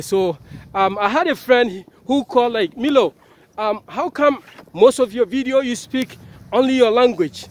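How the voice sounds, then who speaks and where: A Ghanaian man with a Ghanaian accent, talking casually to camera in a vlog, chatty and repetitive, often correcting himself. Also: very high-pitched. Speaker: vlogger and journalist.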